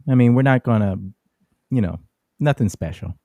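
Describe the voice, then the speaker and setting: Podcast co-host, male, mid-pitch, wry and chatty, dry close mic. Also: lively intonation, normal speed, mellow, no echo. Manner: reads listener comments aloud, chatty and wry. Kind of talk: casual podcast chat.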